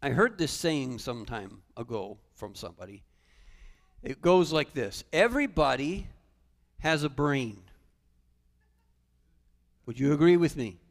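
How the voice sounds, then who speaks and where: A male pastor preaching a sermon in a church sanctuary, animated, with humorous asides. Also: mid-range voice, measured pace, long pauses. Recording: long church reverb.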